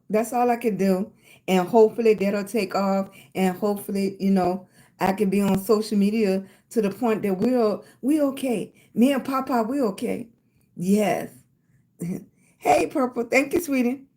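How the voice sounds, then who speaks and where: A woman's voice: fairly high pitch, darkish tone. An older woman with a Southern US accent, chatting casually on her livestream and thanking viewers by name with endearments like sweetie and baby. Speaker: livestream host.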